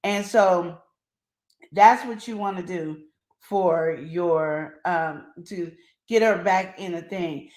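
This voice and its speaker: A middle-aged woman co-hosting a relationship advice show, chatting casually and telling stories with drawn-out emphasis. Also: fairly low pitch. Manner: animated storyteller, drawn-out emphatic phrasing. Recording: roomy echo.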